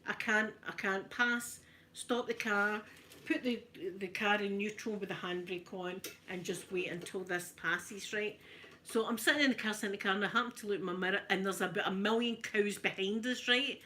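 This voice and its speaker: A Glaswegian woman in her fifties, chatting softly in an ASMR video while ironing, telling lively stories and answering viewers in broad Scots. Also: medium pitch, moderate pace, slight background noise. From Scotland. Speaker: ASMR creator. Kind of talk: soft-spoken ASMR chat while ironing.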